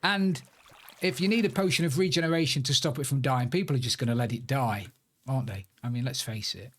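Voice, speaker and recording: A man's voice: mid-range voice, brisk, a bit bright, slightly rough. Chatty man streaming a game. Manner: chatty, rambling, greets viewers by name. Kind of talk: casual live-stream chat while playing.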